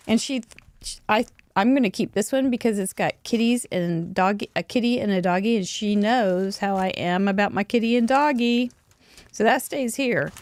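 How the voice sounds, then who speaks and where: A woman hosting a crafting show, chatting warmly about mail and cards with frequent little laughs. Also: a little high, slight background noise. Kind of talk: casual chat over a card slideshow. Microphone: desk microphone.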